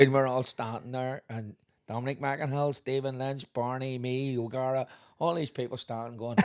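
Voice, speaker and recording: A man's voice: mid-range voice, normal speed. A man, co-hosting a podcast and telling funny stories in a casual chat. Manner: animated storyteller, bursts of laughter. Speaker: podcast co-host.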